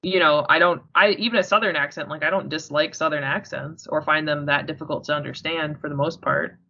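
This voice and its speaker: A woman's voice: deep voice, steady tone, a little fast, pushed and bright, muffled recording. A young American woman co-hosting a book podcast, talking thoughtfully and hedging her points. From United States. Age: young adult. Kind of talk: casual chat.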